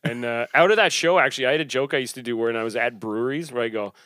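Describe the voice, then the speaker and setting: Bright-voiced man telling rambling stories. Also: medium pitch, racing, dry recording, clean studio sound. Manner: rambling, self-mocking, laughs often. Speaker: comedian, podcast co-host. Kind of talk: casual chat, storytelling.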